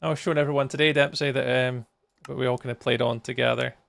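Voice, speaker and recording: A man's voice: mid-range voice, steady tone, fast, gravelly, a bit bright. A man chatting casually with viewers on a live game stream, tired and yawning as he reacts to messages while he plays.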